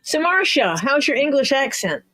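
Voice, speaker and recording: A woman's voice: high voice, very animated, normal speed, sharp tone, no room sound. Easygoing woman hosting a livestream. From southern United States. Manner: joking, easygoing banter. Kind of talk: casual chat.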